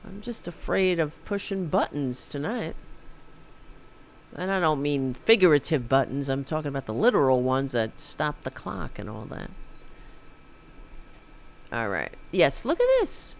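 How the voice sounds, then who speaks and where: A man's voice: a little high, lively intonation, a little slow, creaky, pauses often, a little hiss or hum. A man hosting a podcast, delivering a rambling, sarcastic political commentary monologue. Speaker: podcast host.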